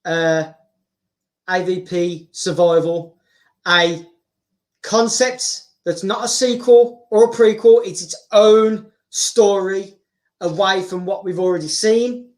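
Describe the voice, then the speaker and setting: A man's voice: high voice, steady tone, slow pace. A man, a YouTuber, chatting casually on a livestream, rambling with many fillers.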